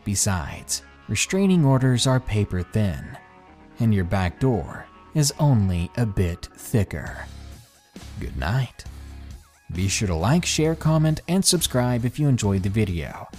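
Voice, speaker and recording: A male horror storyteller reads in a calm, measured, ominous way. His voice sits low and steady. Soft music plays faintly beneath him. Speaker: horror story narrator and channel host. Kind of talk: scripted narration of a horror story.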